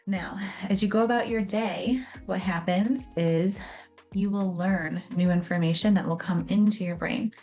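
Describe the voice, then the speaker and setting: With a fairly low, slightly mellow voice, an educator covering memory and trauma walks through how memory works in an explanatory video. She keeps it casual and conversational, acting out small scenes as she talks.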